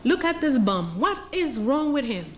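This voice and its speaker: A woman's voice: high-pitched, sing-song, moderate pace, a little hiss or hum. A woman acting a sneering slave master. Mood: contemptuous. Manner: sneering, mocking. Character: scornful male slave master mocking beggars.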